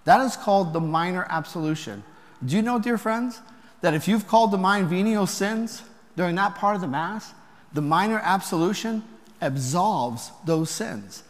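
A man preaching a sermon as a priest, talking conversationally with rhetorical questions and gentle humor. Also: high voice, lively intonation, moderate pace. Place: church. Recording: long reverb of a church.

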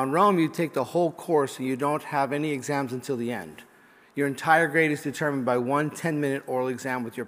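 A man's voice: medium pitch, a bit bright, big-room sound. A male priest giving a homily, moving between light storytelling with jokes and fervent, emphatic preaching. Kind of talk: sermon.

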